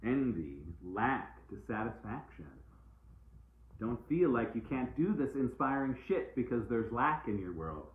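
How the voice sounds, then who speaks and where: A man's voice: mid-range voice, sing-song, measured pace. Man reading oracle cards over a tinny line. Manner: playful, motivational, repeats phrases like mantras. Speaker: oracle card reader. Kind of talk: casual live-stream card reading. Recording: echoey room, tinny phone-like sound.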